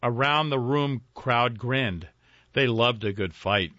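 A man narrating a folk ghost story in a measured, dramatic reading. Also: mid-range voice, pushed and bright, no echo. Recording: dry, dull lo-fi with faint music.

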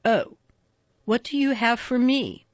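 A woman voicing a quiet, wistful old male reindeer who speaks softly and pleadingly in a storybook reading. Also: a little high, animated, slow pace, no room sound, dull audio, pitched above the performer's own voice. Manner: soft and pleading.

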